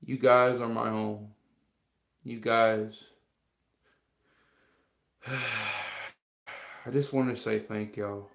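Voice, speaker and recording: A man's voice: lowish voice, level tone, takes it slowly, creaky, fairly bright tone. A man talking casually to viewers on a livestream, rambling and repeating himself, earnestly thanking his fans. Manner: rambling and repetitive, full of fillers. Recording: echoey room.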